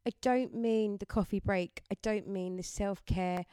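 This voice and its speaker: Slow, smooth-voiced woman guiding affirmations. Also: mid-range voice, steady tone, no room sound. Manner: gentle, encouraging, leads listeners through affirmations. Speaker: self-help speaker. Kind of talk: motivational mindfulness talk.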